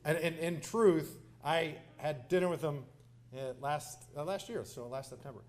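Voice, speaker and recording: Brief: Texan politician, man, slightly high voice, folksy and passionate speechmaker. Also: normal speed. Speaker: politician speaking at a candidate forum. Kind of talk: campaign speech with anecdotes. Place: civic center hall, live event.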